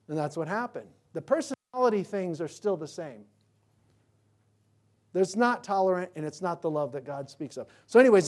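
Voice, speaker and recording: Male pastor, sermon, emphatic, rhetorical questions, loud then hushed. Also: fairly high pitch. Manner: animated, swinging from loud to quiet.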